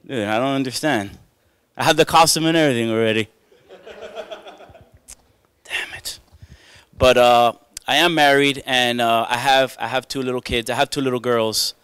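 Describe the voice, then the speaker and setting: A man's voice: mid-range voice, fairly even intonation, normal speed, a bit bright, clean tone, no echo. A young man doing a stand-up comedy set on a club stage, chatty and self-mocking, riffing with the crowd. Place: comedy club stage before a live audience.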